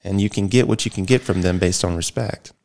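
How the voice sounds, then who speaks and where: A man's voice: low voice, fairly quick, creaky, a little mellow. A man speaking as an interview guest in a casual, rambling monologue, blunt and peppered with fillers and swearing.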